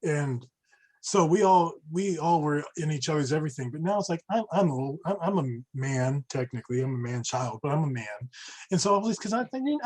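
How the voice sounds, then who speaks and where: A man's voice: a little high, animated, fairly quick, darkish tone, rough recording. A young man chatting casually on a podcast, rambling and restarting his sentences often. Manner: rambling, self-interrupting, frequent restarts.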